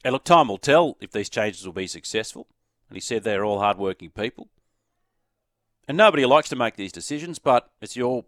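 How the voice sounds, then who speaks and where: An Australian man hosting sports talk radio, chatting quickly and inviting listeners to send in texts. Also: medium pitch, fairly bright tone, no room sound, studio quality. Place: radio studio. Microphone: studio microphone.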